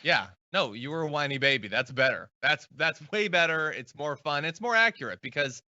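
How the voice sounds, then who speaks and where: Bright-voiced male host, dry lo-fi. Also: a little high, expressive, fairly quick, dry recording. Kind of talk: political commentary chat. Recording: dry, dull lo-fi sound.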